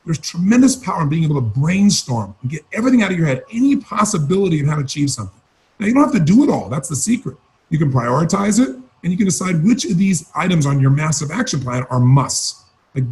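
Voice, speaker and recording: A man's voice: fairly high pitch, very animated, quick pace, a little mellow. A man giving an emphatic motivational training talk, urging and repeating key phrases. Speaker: motivational speaker.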